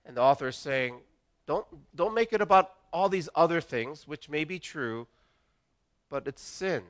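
A man's voice: on the high side, lively intonation, moderate pace. A middle-aged man preaching a sermon as pastor, earnest and conversational, often restarting his phrases.

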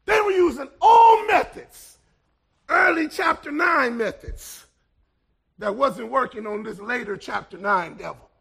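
A man preaching a sermon as pastor, building to loud shouted peaks and then dropping to hushed lines. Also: very high voice, unhurried, creaky, slightly rough. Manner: preaching with swelling shouts and sudden hushed drops.

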